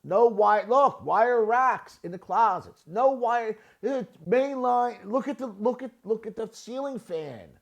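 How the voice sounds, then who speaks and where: Blunt builder type, high gravelly male voice, repeats "right?" as he critiques. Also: lively intonation, unhurried, few pauses, highs cut off. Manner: blunt, repetitive, asks "right?" often. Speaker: real estate builder reviewing a listing. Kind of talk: casual screen-share commentary.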